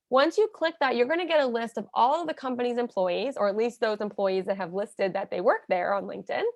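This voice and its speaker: A woman's voice: fairly high pitch, no echo, studio quality. A woman giving an instructional talk as a nonprofit consultant, emphatic and coaching, acting out sample messages.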